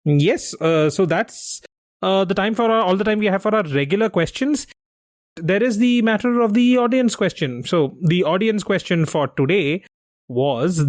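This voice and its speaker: Male quizmaster, explanatory and teasing, slightly high voice, dry sound. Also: no echo. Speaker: quiz podcast host. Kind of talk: casual chat.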